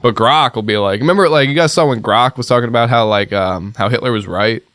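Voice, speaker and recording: A young man spins rambling stories on a podcast in a lively, casual way. His voice sits at an ordinary middle pitch. The sound is close and dry, with no room echo. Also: fast. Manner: animated, rambling storyteller.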